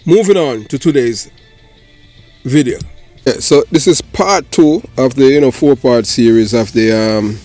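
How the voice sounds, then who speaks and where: A man's voice: medium pitch, unhurried. A Jamaican man hosts his channel in casual commentary. His tone is sardonic and dry, and faint music plays underneath. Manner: sardonic, rises to loud animated ranting. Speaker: channel host.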